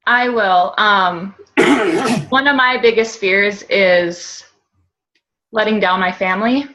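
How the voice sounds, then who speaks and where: A woman sharing personal thoughts on a group video call, speaking slowly and with emotion. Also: mid-range voice, sharp tone, slight background noise. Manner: slow, emotional, tearful at times. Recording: dull lo-fi video call audio.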